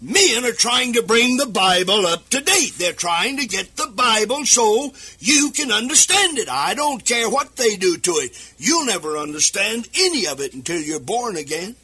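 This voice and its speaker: Male radio preacher, high-pitched and husky, fervent delivery swinging into shouts and sing-song. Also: big pitch swings, moderate pace, hardly any pauses. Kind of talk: sermon. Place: radio broadcast. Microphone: speaking into a microphone.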